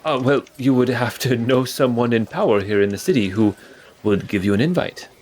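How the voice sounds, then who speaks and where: A man's voice: medium pitch, fairly quick, darkish tone, slightly rough, lightly acted. A man voicing a polite, flustered male guard at a manor gate who stammers in a tabletop game.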